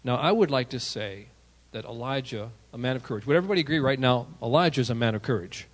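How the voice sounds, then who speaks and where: A man, a pastor, preaching an animated sermon with self-deprecating asides and sudden shouted prayers. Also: mid-range voice, quick pace.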